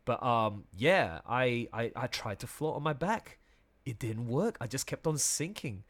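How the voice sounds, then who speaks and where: A young man recounts a mishap to friends in a relaxed, conversational way. His voice sits at an ordinary middle pitch, and he laughs easily, restarting sentences as the story tumbles out. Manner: animated, laughs often, quick restarts.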